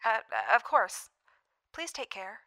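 A woman playing a gentle, caring doctor. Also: fairly high pitch, animated, slow, full character voice. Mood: sympathetic. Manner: gentle, stammering. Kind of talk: audio drama acting.

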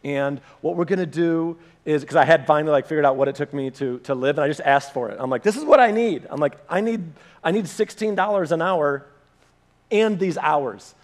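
A man with a high voice preaches a sermon. He tells a personal story and acts out the back-and-forth dialogue with animation. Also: a little fast. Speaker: pastor.

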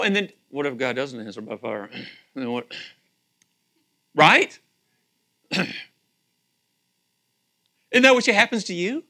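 Middle-aged male pastor, bright forceful tone, high pitch, lively sermon delivery with acted-out voices. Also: slow, pauses often. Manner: animated, acts out voices, asks audience questions.

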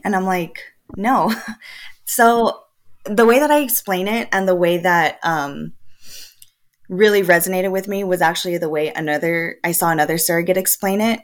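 A woman in her late twenties with a somewhat low voice, chatting as a podcast guest. She tells her story casually and with energy, laughing often and putting on little voices for the people she quotes. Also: normal speed. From El Paso, Texas. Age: 20s. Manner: lively, often laughing, acts out quoted dialogue.

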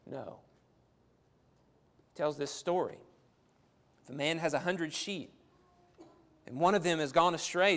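A man's voice: fairly high pitch, a bit bright. A man preaching a sermon in an earnest, emphatic manner, often repeating words as he builds his point.

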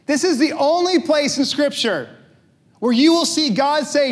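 Speaking a little slowly, a man with a distinctly high voice gives a relaxed, conversational sermon as pastor. Light humor and rhetorical questions come between his readings from scripture.

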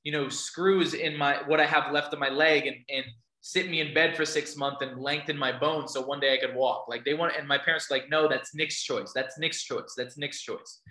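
A man's voice: fairly high pitch, steady tone, a little fast, sharp tone, echoey room, poor audio. A man giving a motivational talk to a live audience, telling stories and asking the listeners questions. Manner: storytelling, asks the audience questions. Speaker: motivational speaker.

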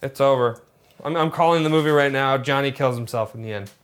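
A woman's voice: extremely low pitch, fast, slight background noise. A woman chatting casually while watching a film, reacting with disbelief and frequent laughter. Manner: animated, laughing, incredulous. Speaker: movie watch-along commentator.

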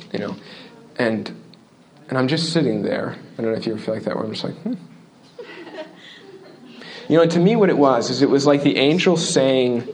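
A man preaching a sermon in an earnest, conversational way, often checking in with the listeners and dropping into quiet asides between louder points. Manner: shifts between loud emphasis and quiet, low asides. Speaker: pastor.

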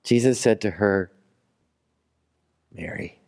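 A man's voice: mid-range voice, a little slow, warm tone. A man preaching a sermon as a pastor, in a loose, conversational storytelling way. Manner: conversational storytelling, acting out characters.

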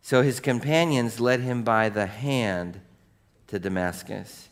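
A middle-aged male pastor preaching a sermon in a lively storytelling way, with casual conversational asides. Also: mid-range voice, takes it slowly.

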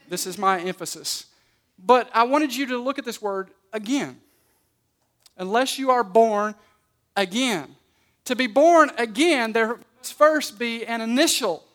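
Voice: medium pitch, fairly bright tone. A pastor preaching a sermon in a conversational way, often restarting and repeating words and leaning on key words.

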